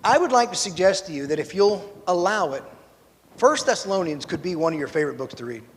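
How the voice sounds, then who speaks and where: A man from rural Missouri, USA, teaches a Bible class in a large church hall, sharing personal stories with self-deprecating asides and building toward preachy emphasis. His voice sits high and is animated and fast, with a slight hiss or hum.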